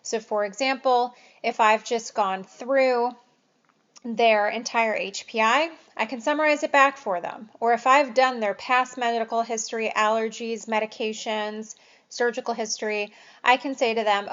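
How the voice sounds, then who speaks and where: Instructor, female, slightly high voice, patient explanatory delivery, muffled lo-fi recording. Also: steady tone, normal speed, fairly bright tone. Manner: clear, explanatory, with example phrases acted out. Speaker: nursing instructor. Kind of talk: recorded lecture. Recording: dull lo-fi lecture audio.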